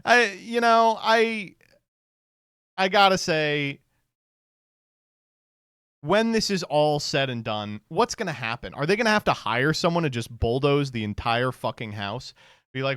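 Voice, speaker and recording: A man's voice: mid-range voice, animated, measured pace, a bit bright, clear, resonant tone, no room sound, studio quality. A man streamer giving casual reaction commentary, sardonic and profane, laughing often.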